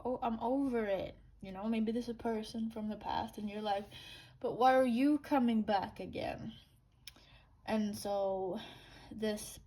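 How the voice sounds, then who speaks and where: A woman's voice: mid-range voice, dark tone, a little hiss or hum, low-quality recording. A woman giving a casual intuitive oracle card reading, rambling and blunt, swearing now and then.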